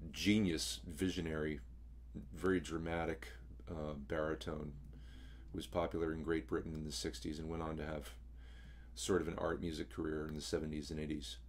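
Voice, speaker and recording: A baritone man teaching singers how to imitate a rock vocalist, talking in a casual, throaty way that swallows his words.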